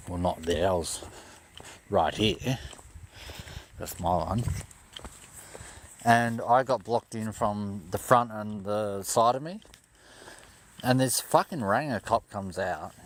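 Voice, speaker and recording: A man's voice: lowish voice, slight background noise. A young man telling a story casually and with plenty of swearing on a livestream from his parked car. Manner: profane, animated storyteller.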